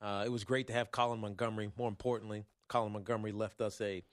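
A man hosting a sports talk show, rambling and joking in a casual, animated way with lots of fillers. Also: lowish voice, fast, no room sound. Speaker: sports radio host.

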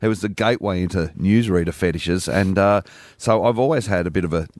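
Deep-voiced Australian radio man. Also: a little fast, darkish tone, no room sound, clean studio sound. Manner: rambling, self-deprecating storyteller. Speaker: radio co-host. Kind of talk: casual breakfast radio banter.

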